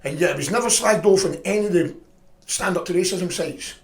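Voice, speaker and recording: A middle-aged man telling stories in a profane, rambling, animated way. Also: sits high, fairly quick, creaky, echoey room. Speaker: podcast guest. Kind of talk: casual storytelling chat.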